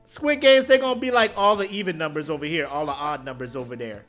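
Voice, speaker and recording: A man co-hosting a podcast in casual, swearing chat, acting out little scenes in loud, high voices. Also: fast talker, soft background music. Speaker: podcast co-host.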